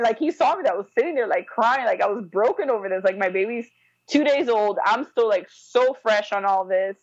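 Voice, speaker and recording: A young woman talking fast and lively, slipping into the voices of the people in her story. The sound is dry and a little dull. She sticks "like" in everywhere as she goes. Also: medium pitch, dry recording. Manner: animated, acts out quoted voices, frequent "like". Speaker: guest telling her birth story. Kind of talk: casual storytelling.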